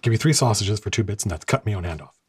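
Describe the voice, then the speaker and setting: A man voicing a jokey male street vendor with a comedic Cockney accent, pitched a little lower than his own voice. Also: animated, fast talker, slightly rough. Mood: cheeky. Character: cheeky male street vendor at an apple cart.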